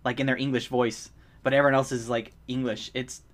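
A man's voice: mid-range voice, flat delivery, a little fast. A young man co-hosting a casual movie podcast, ranting with energy and laughing often. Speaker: podcast co-host. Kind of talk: casual movie-review chat.

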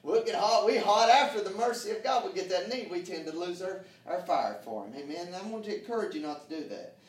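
This pastor has a high, expressive voice and talks fairly quickly, preaching fervently in a church sanctuary. He uses folksy grammar and calls out to the congregation for answers. It's recorded from a distance with a roomy sound.

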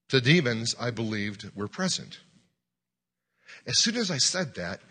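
Pastor, male, bright forceful voice, animated sermon storytelling. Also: fairly high pitch, breathy edge. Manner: animated storyteller, acts out dialogue, shouts commands.

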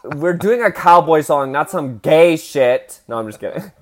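A man's voice: on the high side, expressive. A man co-hosting a podcast in casual chat, jokey and rambling as he riffs on a topic. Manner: jokey, rambling, quick to riff. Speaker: podcast co-host.

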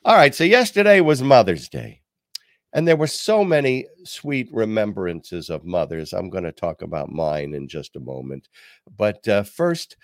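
Older guy hosting a talk show, deep raspy voice, super dry close sound. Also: dry recording. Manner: animated, reads quotes aloud, pauses with ums. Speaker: podcast host. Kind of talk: casual commentary and storytelling.

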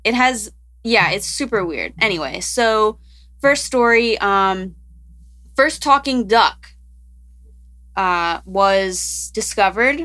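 Bright-voiced woman podcast host. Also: medium pitch, lively intonation, slow, pauses often. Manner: chatty, rambling, laughs often. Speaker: podcast co-host presenting science news. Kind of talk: casual podcast chat.

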